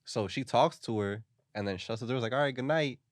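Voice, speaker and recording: A man's voice: medium pitch, brisk, distant mic. A man hosting a podcast, casually retelling a story in a slangy, rambling way with lots of "like.". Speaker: podcast host.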